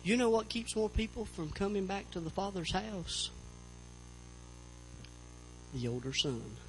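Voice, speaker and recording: A man's voice: high voice, big pitch swings, a little slow, a little hiss or hum, poor audio. A man preaching a sermon as pastor, fervent, repeating phrases and calling out to the church for amens.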